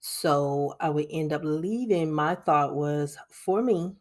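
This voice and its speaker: Speaking slowly in a low, darkish voice, a woman walks viewers through her monthly budget in a casual screen recording. The budgeting vlogger is chatty, frequently laughs, and refers to her audience as "y'all."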